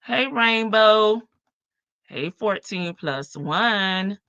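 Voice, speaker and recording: A woman's voice: mid-range voice, expressive, very slow, fairly bright tone, no echo, highs cut off. A woman hosting a casual livestream, chatting and greeting viewers one by one in a big country voice. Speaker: livestream host.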